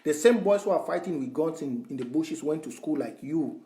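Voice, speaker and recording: A man delivers a fervent, repetitive address, hammering his points like a lecture. His voice sits high for a man. The room around him rings with a roomy echo. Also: animated, brisk, dark tone. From Southern Cameroons. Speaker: online activist. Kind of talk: impassioned address to followers.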